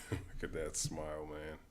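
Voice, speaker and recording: A man's voice: rumbling low, background noise. A man hosting a livestream, giving loose, profane, casual commentary on videos he is watching. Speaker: livestream host.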